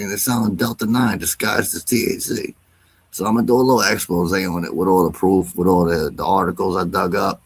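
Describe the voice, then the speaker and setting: A man's voice: fairly low pitch, brisk, husky. A man hosting a casual livestream, talking in a loose, slangy, profane rant. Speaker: livestream host.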